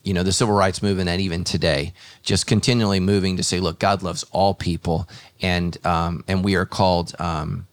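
Earnest low-voiced pastor hosting a podcast. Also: male voice, flat delivery, fairly quick. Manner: thoughtful, earnest, with frequent fillers and restarts. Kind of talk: casual podcast conversation.

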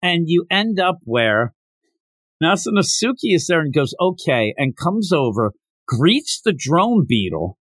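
A man in casual podcast chat, recapping a manga chapter with lively swings in his fairly high voice. He jumps into the characters' voices as he tells it. The sound is close and dry. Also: unhurried, no echo. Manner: animated retelling, acting out quotes with raised pitch. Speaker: podcast co-host reviewing manga.

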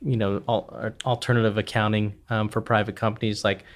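Flat-voiced man listing accounting requirements. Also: lowish voice, brisk. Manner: methodical, listing items with "right" and "um". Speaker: accounting expert guest. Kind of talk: explanatory podcast discussion.

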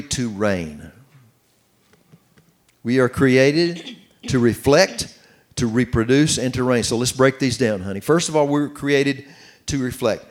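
A middle-aged man preaching on marriage, reading scripture slowly and commenting as he goes. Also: medium pitch. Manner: earnest, reads scripture slowly with running commentary. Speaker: pastor teaching on marriage. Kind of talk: sermon-style Bible teaching.

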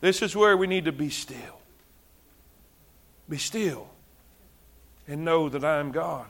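A man's voice: on the high side, slow, a bit bright. A male preacher giving a fervent, conversational sermon full of repetition, often stumbling over his words as he builds.

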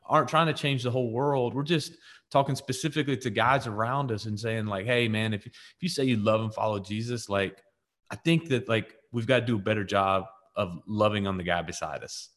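A man's voice: fairly low pitch, brisk. A man co-hosting a casual faith podcast, telling a story with lots of "like" and "right?" and acting out the voices of the people in it. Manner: animated storyteller, acts out quoted voices, frequent "like" and "right?". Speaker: podcast co-host.

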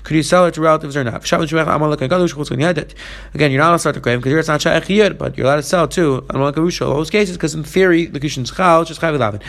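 A man's voice: a little high, very fast, vocal fry, a bit bright. A man teaching a Talmud page, reading the Aramaic text and explaining it in English. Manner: reads Aramaic lines then explains in English. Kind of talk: fast Talmud study lesson.

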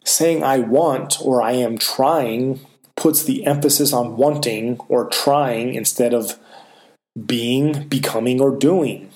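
A man's voice: medium pitch, darkish tone. Guy doing a self-help talk, earnest, leans hard on the key words. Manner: earnest, slow and emphatic on key phrases. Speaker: motivational speaker.

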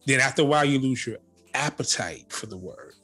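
A man co-hosting a casual faith podcast, talking in an animated, emphatic way and repeating phrases for effect. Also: medium pitch, a little fast, husky, faint music behind. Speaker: podcast co-host.

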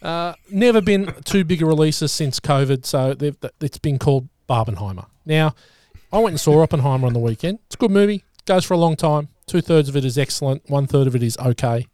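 Aussie podcast host, chill, keeps tripping over his words, slightly high voice, dry close sound. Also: brisk, hardly any pauses, no room sound. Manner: relaxed, stammering restarts. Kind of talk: casual chat.

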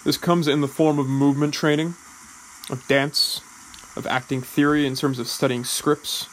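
A man who is an actor, explaining drama school training in a deliberate, measured way, often restarting words. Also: a little high, level tone, slight background noise, low-quality recording. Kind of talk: explanatory talk.

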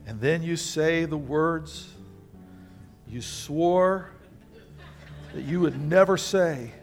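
An older man preaching in a church sanctuary, his fairly high voice rising and falling as he talks to the congregation and asks them to answer back. Soft instrumental music plays faintly underneath. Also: takes it slowly, gravelly. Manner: animated, conversational preaching with call-and-response. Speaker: pastor. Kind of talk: sermon.

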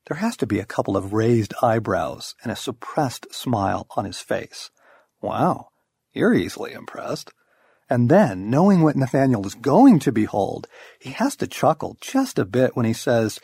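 A man's voice: medium pitch, lively intonation, normal speed, vocal fry, darkish tone, husky, no echo. A middle-aged man reading a devotional book aloud, with wry, storytelling emphasis. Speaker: audiobook narrator. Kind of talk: scripted devotional narration.

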